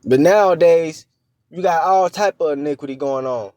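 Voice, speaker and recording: A man's voice: a little high, darkish tone, no room sound. Man preaching in a dry, close voice. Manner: conversational, checks in with frequent "all right?" and "man"; halting, with many fillers and restarts. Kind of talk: informal scripture teaching.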